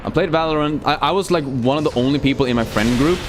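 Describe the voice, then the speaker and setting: A man's voice: a little high, fast, faint music behind. A young man, chatting casually and cursing as he streams a game and answers chat. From Sweden. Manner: loose and profane, reads chat aloud, many fillers.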